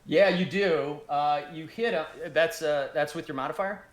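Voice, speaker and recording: A man running a tabletop game as game master, his voice sitting a little high for a man. He narrates haltingly, stumbling and restarting his phrases as he goes.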